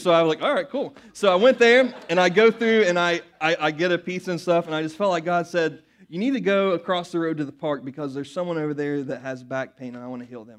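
Excited preacher telling stories. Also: male voice, fairly high pitch, smooth. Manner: rambling storyteller, many restarts, grows loud and excited. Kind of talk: sermon with personal stories.

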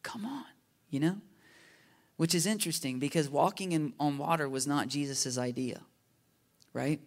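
A man preaching a sermon in a casual, animated way, often checking in with his listeners with "right?" and "you know?". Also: fairly high pitch, moderate pace. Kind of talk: conversational sermon.

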